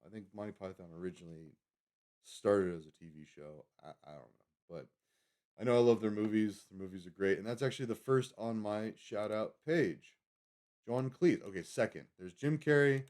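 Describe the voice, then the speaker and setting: A man's voice: lowish voice, moderate pace, a little mellow. A man hosting a livestream, chatting casually and rambling with lots of fillers and self-corrections. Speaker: livestream host.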